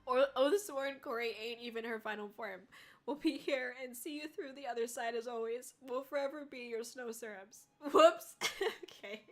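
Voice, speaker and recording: A woman's voice: on the high side, moderate pace, soft background music. A woman streamer in casual chat with her viewers, reading their messages aloud, swearing freely and fighting back tears. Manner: swearing freely, laughing and choking up. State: tearful. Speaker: VTuber streamer.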